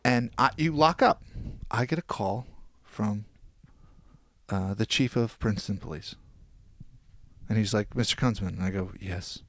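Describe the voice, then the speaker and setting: Speaking a little slowly in a lowish voice with no room sound, this young New Jersey man is a podcast guest spinning a long, casual story. He gets animated and performs the voices of the people he quotes.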